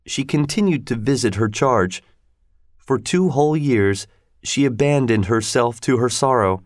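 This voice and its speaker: A man reading a storybook aloud in a measured, even way. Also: medium pitch, no echo, clean studio sound.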